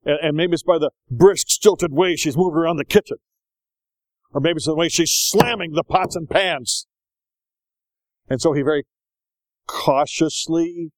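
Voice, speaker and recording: An older man preaching a sermon in a folksy, animated storytelling way, slipping into voices as he tells stories. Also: fairly high pitch, dry recording, poor audio.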